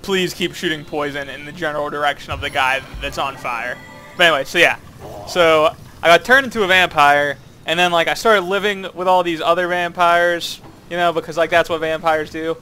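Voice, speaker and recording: A man's voice: on the high side, fairly even intonation, brisk, bright, forceful tone, faint music behind. A man chatting casually while playing a co-op game, rambling playfully with lots of fillers. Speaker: co-op gameplay commentator. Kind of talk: casual gaming chat.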